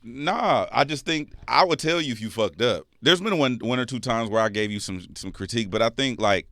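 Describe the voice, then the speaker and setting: Brief: male host, casual banter, animated storytelling, dry close mic. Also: medium pitch, a little fast, no room sound. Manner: animated storyteller, laughs often. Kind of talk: casual podcast chat.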